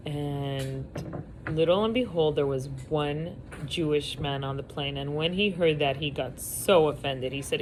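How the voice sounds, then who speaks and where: A woman teaching a class, telling a story with lively delivery over a video call from home. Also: sits low, a little slow, slight background noise, low-quality recording. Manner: animated storyteller, acting out quotes.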